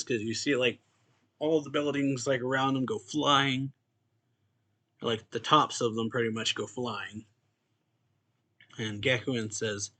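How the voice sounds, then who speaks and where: Bright-voiced man casually recapping a manga. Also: mid-range voice, fairly even intonation, measured pace, pauses often. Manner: loose, rambling, full of "like" and soft laughs, reads quotes aloud. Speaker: host.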